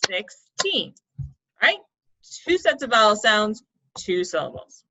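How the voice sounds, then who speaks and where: A young woman with a medium-pitched, sing-song voice, pushed and bright, takes a measured pace as she coaches kids through an online poetry lesson. She explains things step by step, offers encouragement, and checks in regularly with "right?" and "okay?" The sound quality is dull and lo-fi.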